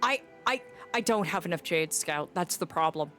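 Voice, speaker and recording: Lively woman streamer over faint music. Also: lowish voice, normal speed. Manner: animated, rambling, playful. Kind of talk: casual gameplay commentary.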